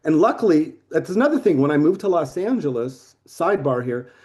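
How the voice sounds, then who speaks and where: A man in his sixties telling stories of his career as a photographer in a casual interview, lively, swearing, acting out the people he quotes. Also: fairly high pitch, fairly quick. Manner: animated, swearing storyteller who acts out quotes. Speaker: photographer guest.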